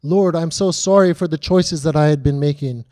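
A man's voice: a little high, normal speed, mellow, no echo, clean studio sound, lightly acted. A man voicing a broken, repentant male prisoner praying aloud to God in pleading words. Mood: remorseful. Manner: pleading prayer.

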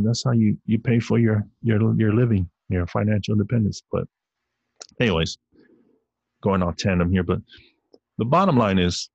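A young man with a very deep, husky voice holds forth on his own podcast. He rambles from one tangent to the next, cursing freely as he gets heated. The sound is close and dry, with no room around him. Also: darkish tone, dry recording, muffled recording. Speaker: podcast host. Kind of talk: solo podcast rant.

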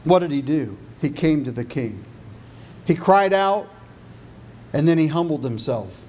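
A man preaching a sermon as pastor, building on repeated phrases and dropping low and soft for emphasis. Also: lively intonation, a little slow, a little hiss or hum.

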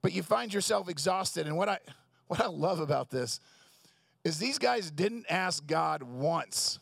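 A man's voice: fairly high pitch, animated, measured pace, creaky, fairly bright tone, dry recording, studio quality. A young adult man preaching a sermon in a conversational, joking storytelling way, acting out quotes along the way. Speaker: pastor.

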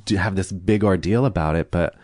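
A man's voice: low voice, a little fast, darkish tone, no echo, clean studio sound. A man talking as a podcast guest, telling a personal story candidly and acting out what people said, with nervous laughs. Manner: frank, uses quoted dialogue and nervous laughs.

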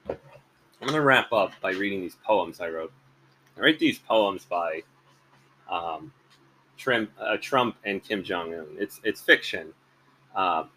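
A man's voice: fairly low pitch, bright, forceful tone, slight background noise, rough recording. A man hosting a podcast, talking in a rambling, hesitant casual monologue. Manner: rambling, hesitant, many fillers and restarts. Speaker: podcast host.

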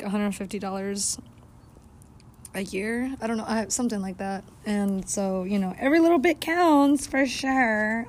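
A woman hosting a casual podcast while walking her dog outdoors at night, rambling and swearing heavily, sometimes yelling at the dog. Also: mid-range voice, slight background noise. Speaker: podcast host.

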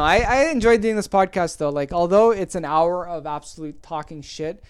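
A man's voice: high-pitched, normal speed, hardly any pauses, a little hiss or hum. A man hosting a casual solo podcast, rambling and self-deprecating with many fillers. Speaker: podcast host.

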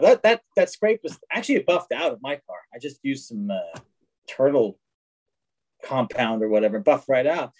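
A man's voice: medium pitch, sing-song, moderate pace, darkish tone, rough recording. A man as an interview guest, telling casual stories about his race cars with many restarts and acted-out quotes. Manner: rambling anecdotes with frequent restarts and acted-out quotes. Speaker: guest, race car collector. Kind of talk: casual storytelling.

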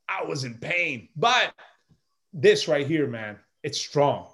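A middle-aged man, a podcast guest and chef, telling a story in a loose, animated way and peppering his talk with "bro" and "man". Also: fairly high pitch, slow. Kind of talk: casual storytelling chat.

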